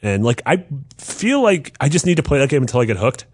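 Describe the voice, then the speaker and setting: A man's voice: mid-range voice, sing-song, brisk, slightly rough, no room sound. A man co-hosting a casual chat about video games, joking and laughing through his lines. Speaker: podcast co-host.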